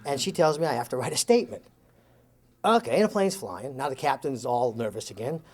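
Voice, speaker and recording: Man telling a story with animated voices. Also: medium pitch, fairly quick. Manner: acts out the quoted lines in the story with lively shifts in voice; chuckles while telling the story. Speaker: interview guest telling an anecdote.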